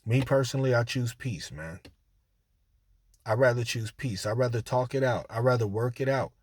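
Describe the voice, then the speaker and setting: A man's voice: mid-range voice, normal speed, slightly rough, no room sound. A man talking casually and directly to listeners, giving relationship advice with lots of repetition and fillers. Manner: conversational, repeats himself, addresses listeners directly; colloquial, with frequent fillers. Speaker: relationship talk host.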